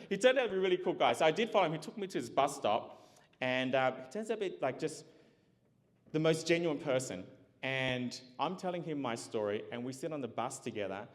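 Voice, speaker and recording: A man giving a motivational keynote, telling a personal story with lively acted-out dialogue and frequent laughs. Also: a little high, a little fast. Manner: animated, acts out dialogue, laughs often. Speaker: keynote speaker. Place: large event hall. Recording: long hall reverb.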